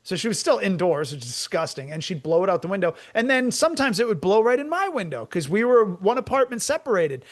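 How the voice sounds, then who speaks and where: High-pitched guy co-hosting, rambling deadpan comedy bits. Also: fast, hardly any pauses. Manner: rambling, absurd deadpan riffing. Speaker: comedian co-host. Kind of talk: comic storytelling chat.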